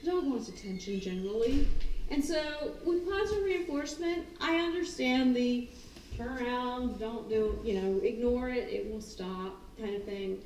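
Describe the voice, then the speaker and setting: A woman who trains dogs, talking casually and animatedly, often acting out the dogs' thoughts and her own excited calls. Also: on the high side, normal speed, a little hiss or hum. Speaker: dog trainer. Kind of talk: casual talk on dog training. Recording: roomy, distant mic, faint ambience.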